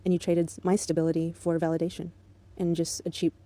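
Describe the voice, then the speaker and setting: A woman's voice: lowish voice, little pitch movement, fast talker, mellow. A woman in an angry, profane monologue aimed at an ex-partner, bitter and contemptuous but controlled. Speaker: vlogger.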